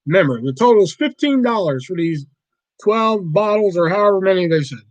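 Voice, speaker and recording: A man chatting on a casual livestream in a rambling way that is full of profanity and quick to get riled up. His voice sits a bit high for a man, and the sound is dry and close, with no room echo. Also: animated, dull audio. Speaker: livestream host.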